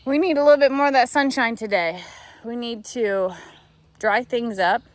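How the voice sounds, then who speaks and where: A woman's voice: moderate pace, dry recording. Cooing woman narrating farm chores outdoors. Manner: coos in a high sing-song to the animals, then drops to a low chatty voice. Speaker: farm animal sanctuary keeper. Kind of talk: casual vlog narration. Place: outdoors on a farm among animals.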